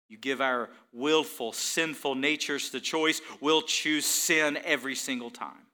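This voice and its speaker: A middle-aged man preaching a sermon, swinging from hushed questions to shouted climaxes and addressing the congregation with rhetorical questions. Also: medium pitch, a little slow, hardly any pauses.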